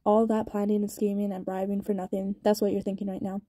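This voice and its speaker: A woman voicing a cold, menacing young male gang boss with a gravelly rasp, talking in a quiet, taunting, deliberate way. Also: high voice, completely flat delivery, no room sound.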